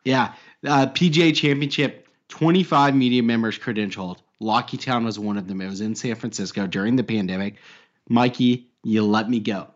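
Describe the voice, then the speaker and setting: A man's voice: mid-range voice, brisk, highs cut off. A man co-hosting a podcast in casual banter, joking, laughing often and swearing. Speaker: podcast co-host.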